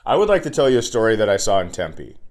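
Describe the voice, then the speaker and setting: A man's voice: fairly low pitch, fast. Man in his forties telling a story. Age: 40s. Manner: animated storyteller, acts out voices. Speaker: podcast co-host. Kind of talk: casual comedic storytelling.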